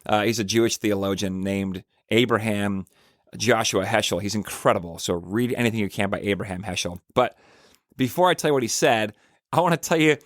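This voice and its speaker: A man with a medium-pitched, fairly bright voice hosts a church podcast as a minister, recorded cleanly in a studio with no echo. In a casual, reflective monologue, he rambles earnestly and tells stories with frequent restarts.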